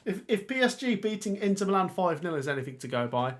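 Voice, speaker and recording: A young man chats casually on a live stream, thinking aloud and reacting to viewer comments as he goes. His voice sits a little higher than most men's. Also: sing-song, brisk. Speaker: football channel host.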